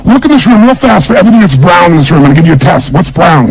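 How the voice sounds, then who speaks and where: A man's voice: on the high side, fast talker, creaky, few pauses, breathy edge, soft background music, low-quality recording. A man giving an emphatic motivational seminar speech, drilling the audience with questions and call-and-response. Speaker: motivational speaker.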